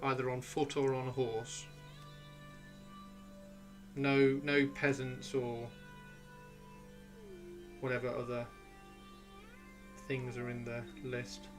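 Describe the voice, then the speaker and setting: A man's voice: medium pitch, monotone, takes it slowly, pauses often, music in the background. A man hosting a livestream, chatting casually and rambling to himself as he browses, with the odd swear. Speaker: livestream host. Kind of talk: casual chat while gaming.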